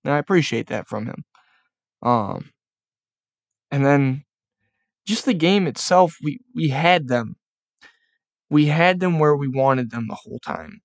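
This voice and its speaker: A man's voice: on the high side, lively intonation, measured pace, long pauses, no room sound. Profane, frustrated man ranting about football. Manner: profane, frustrated ranting, mocking baby talk in bursts. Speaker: podcast host. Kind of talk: casual sports podcast rant.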